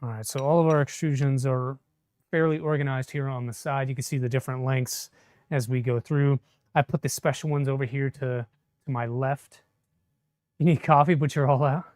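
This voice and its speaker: A man's voice: mid-range voice, steady tone, normal speed, a little mellow, no echo, clean studio sound. A man chatting casually on a live stream while he assembles a 3D printer, answering viewer comments as he works. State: a bit shaky from caffeine.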